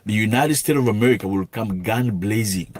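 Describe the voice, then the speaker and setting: A man narrating news events in a steady, explanatory way. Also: fairly low pitch, brisk.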